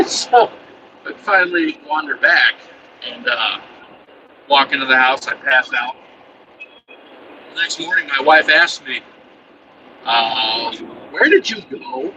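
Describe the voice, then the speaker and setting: A man's voice: mid-range voice, takes it slowly, long pauses, muffled recording. A man telling a rambling, profane story in a casual chatty way, chuckling now and then, from inside a truck cab. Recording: distant mic with loud vehicle noise.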